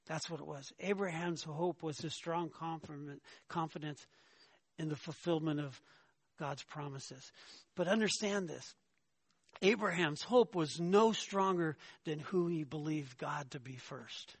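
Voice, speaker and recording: A pastor preaches in a fairly high, unhurried voice with a breathy edge, emphatic and insistent. He often asks "right?" to check in with the congregation, and his pitch climbs as he argues a point. The sound is dry and close, with no room echo.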